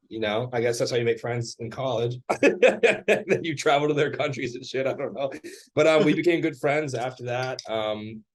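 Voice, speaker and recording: Young guy hosting a podcast, kinda low voice, rambles and laughs a lot. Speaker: podcast host. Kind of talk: casual chat.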